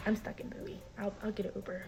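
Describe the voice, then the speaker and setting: Gravelly-voiced young woman telling a story. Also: mid-range voice, fast talker, noisy background. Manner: animated, acts out quoted voices, filler-heavy "like". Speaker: storyteller recounting a personal dispute. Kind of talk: casual storytime vlog.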